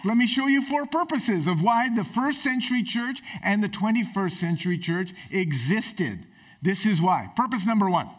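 A man's voice: high voice, fairly bright tone. A man preaching a sermon in a church, emphatic and exclamatory. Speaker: pastor. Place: church sanctuary.

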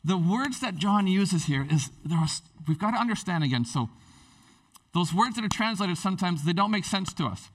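A man with a fairly high voice preaches at a church service, lively and conversational, often acting out little everyday scenes. He sounds a bit distant, set back from the microphone. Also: normal speed. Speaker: pastor. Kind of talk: sermon.

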